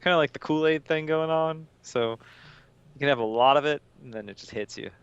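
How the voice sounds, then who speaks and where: A man chatting casually as a podcast co-host, relaxed and chatty. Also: fairly high pitch, brisk, smooth, no echo, lo-fi sound. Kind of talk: casual chat.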